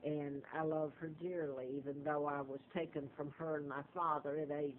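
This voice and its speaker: A woman's voice: deep voice, flat delivery. A woman from Alabama, telling a rambling personal monologue full of fillers and restarts. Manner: digressive, halting, many fillers and restarts. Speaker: vlogger. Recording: tinny lo-fi phone-like audio with faint noise.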